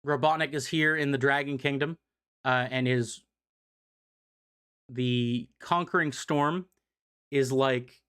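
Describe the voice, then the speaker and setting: A man's voice: medium pitch, fairly even intonation, slow pace, pauses often, fairly bright tone, clear, resonant tone. Casual young man recapping comics. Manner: rambling with fillers, mild swearing. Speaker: streamer explaining comics.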